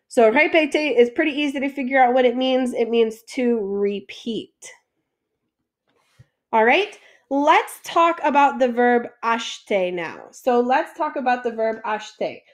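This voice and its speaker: Slow, high-voiced woman teaching French. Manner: patient, asks questions then answers them. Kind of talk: classroom lesson explanation.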